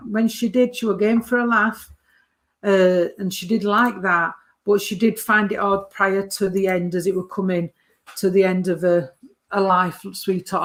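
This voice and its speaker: A woman, giving a medium's reading from a photo and calling the sitter sweetheart and darling. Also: mid-range voice. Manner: warm endearments, calls the sitter sweetheart and darling.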